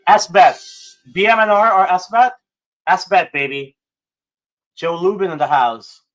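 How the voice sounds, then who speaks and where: Hyped guy on a livestream, high voice, swears a lot, faint music in the back. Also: slow. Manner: excitable, swears, swings from hyped to mumbling. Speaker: livestream host. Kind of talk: casual livestream chat.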